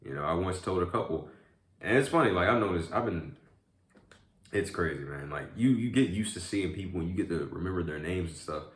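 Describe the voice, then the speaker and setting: A man with a very deep, low voice chats casually as he eats, rambling through a story with lots of filler words. The room around him is echoey. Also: expressive, a little fast. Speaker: vlogger. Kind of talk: casual chat while eating.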